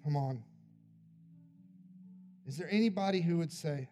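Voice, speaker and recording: A man preaching at a church service, his voice pitched a little high but warm and mellow in tone. He leads an altar call in an earnest, pleading way, then lifts into fervent spoken prayer. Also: a little slow, long pauses, soft background music. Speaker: pastor.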